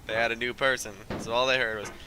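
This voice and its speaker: A man's voice: medium pitch, little pitch movement, fast talker, noisy background. A man streaming a video game, rambling through jokey stories and laughing often as he plays. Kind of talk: casual gameplay commentary. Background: game music.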